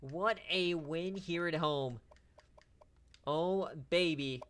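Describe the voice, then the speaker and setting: Male stream host, bright punchy voice, hype-man sports commentary with trash talk. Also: fairly high pitch, drawn-out words, clean tone. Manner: excitable, trash-talking, casual slang. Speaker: online dynasty league streamer.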